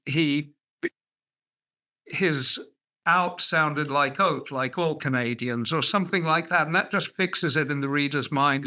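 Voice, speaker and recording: Measured man with a very bright voice. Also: a little high. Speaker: writer on a panel. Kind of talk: casual roundtable chat.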